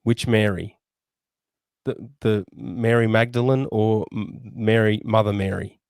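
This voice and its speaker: A man co-hosting a podcast, reading out questions in casual banter with a deadpan manner and chuckles. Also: fairly low pitch, measured pace, clear, resonant tone, no echo. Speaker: podcast co-host.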